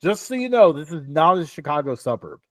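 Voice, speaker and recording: A man's voice: on the high side, sing-song, fairly quick, no room sound, studio quality. A young man co-hosting a casual sports talk show, rambling with lots of fillers and laughs. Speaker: podcast co-host.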